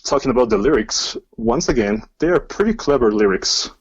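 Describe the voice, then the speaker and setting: A man's voice: medium pitch, animated, brisk, husky. A man co-hosting a music podcast, speaking in an easygoing, hesitant way with many fillers. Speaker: podcast co-host. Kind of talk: casual music discussion. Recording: muffled lo-fi mic.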